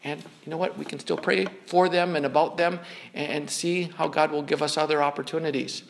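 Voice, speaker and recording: High-voiced man preaching a sermon. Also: flat delivery, a little fast, gravelly, slight background noise. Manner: earnest, conversational preaching with frequent word repeats. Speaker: pastor.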